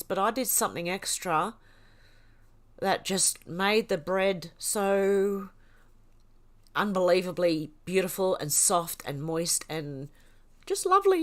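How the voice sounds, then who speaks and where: Chatty woman livestreaming. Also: on the low side. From Australia. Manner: laughs often, reads comments aloud. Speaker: livestream host reading chat. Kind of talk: casual livestream chat.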